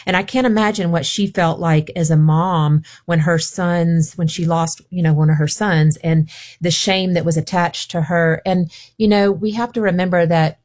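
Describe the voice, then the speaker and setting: A woman's voice: on the low side, steady tone, moderate pace, darkish tone. Earnest woman teaching scripture. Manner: earnest, with frequent "you know" fillers. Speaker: guest speaker. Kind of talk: Bible teaching in a radio interview.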